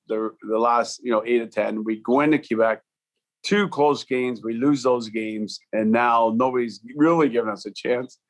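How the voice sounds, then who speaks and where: Middle-pitched man in his fifties, a retired hockey pro on a podcast, easygoing and rambling. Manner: relaxed, rambling, many "you know" fillers and restarts. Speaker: former hockey player and coach, guest. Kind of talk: storytelling in a podcast interview.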